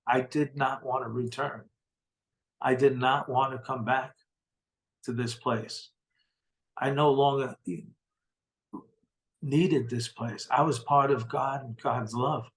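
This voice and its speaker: A man's voice: mid-range voice, fairly even intonation, slow, long pauses, rough recording. A middle-aged man, a guest in an interview, recounting a personal experience in an earnest, heartfelt way and often repeating words for emphasis. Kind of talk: personal storytelling in conversation.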